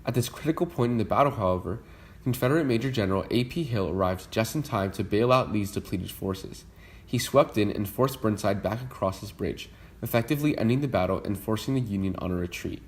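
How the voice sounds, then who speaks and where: A man's voice: fairly low pitch, brisk. A young man narrating a scripted history school project, reading steadily with the odd slip. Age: young adult. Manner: reads steadily from a script, with small slips. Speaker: student presenter.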